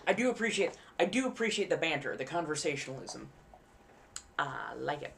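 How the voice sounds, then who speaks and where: A woman's voice: low-pitched, lively intonation, fairly quick, vocal fry, fairly bright tone, slight background noise. A woman hosting a live stream in casual chat, rambling easily and enunciating carefully around costume fangs. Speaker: livestream host.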